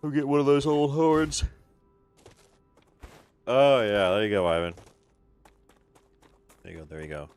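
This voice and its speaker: A man's voice: medium pitch, steady tone, a little slow, pauses often, darkish tone, clear, resonant tone, soft background music. A man, streaming a game and chatting casually with viewers, laid-back and swearing freely, often trailing off. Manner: chats with viewers by name. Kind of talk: casual live-stream chat while gaming.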